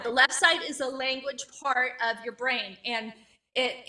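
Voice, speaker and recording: A woman's voice: high-pitched, sharp tone, distant mic. A woman in her late thirties with a stutter, doing a wry, self-mocking stand-up comedy set. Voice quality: stutters, with repeated sounds and blocks.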